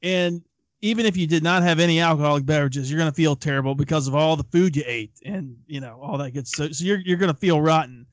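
A man's voice: fairly high pitch, fast talker, dry recording. A man in his thirties, co-hosting a casual podcast and telling a long rambling story with lots of restarts and fillers. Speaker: podcast co-host.

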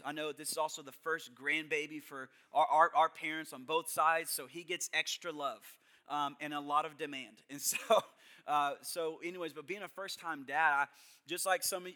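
Bright, high-voiced young pastor preaching. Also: male voice. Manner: storytelling, swings between hushed asides and loud emphatic bursts. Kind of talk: sermon.

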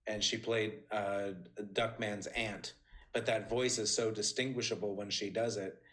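A man as a podcast interview guest, telling animated stories with many restarts and high, bright quoted lines. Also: a little slow. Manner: animated storyteller, many restarts, jumps high when quoting. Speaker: interview guest, former assistant. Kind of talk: casual interview talk.

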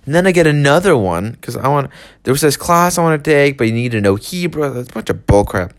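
A young man with a slightly high voice and lively intonation talks fast as he hosts his own podcast. He rambles through a solo ranting monologue, sounding sarcastic and irritable.

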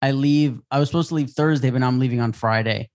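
A laid-back man chatting on a podcast, rambling through his stories. He jokes along with his friends. His voice has an ordinary pitch. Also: fast, darkish tone. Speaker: podcast co-host. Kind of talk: casual chat.

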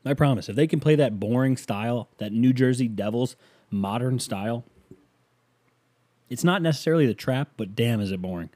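A man riffing loosely on his own podcast, joking and jumping up in pitch when he gets excited. His voice is mellow and dark. It sounds dry and close, as if recorded in a small room. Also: moderate pace, dry recording. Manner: loose, joking, animated with sudden pitch jumps. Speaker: podcast host. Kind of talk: casual solo podcast chat.

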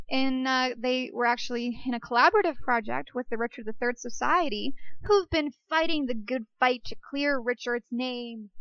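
A woman's voice: high-pitched, fairly bright tone, smooth, no room sound, muffled recording. A woman hosting an archaeology show, talking casually and joking between facts. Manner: chatty and jokey, self-deprecating asides. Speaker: podcast host. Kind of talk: casual educational monologue.

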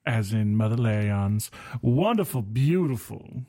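A man's voice: lowish voice, lively intonation, measured pace, warm tone. A man voicing a flirtatious Southern belle woman in a put-on Southern US accent, syrupy and theatrical.

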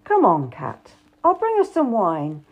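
Woman doing a young nobleman, silky persuasion, commanding, lively pitch, slow delivery. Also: full character voice. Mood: coaxing. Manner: coaxing, commanding. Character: charming arrogant young male nobleman.

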